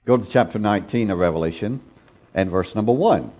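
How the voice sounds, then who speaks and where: Male preacher, mid-pitched, emphatic repetition, calls for congregation responses, dull muffled recording. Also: expressive, moderate pace, a little mellow. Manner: emphatic, repeats phrases for effect. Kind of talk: sermon.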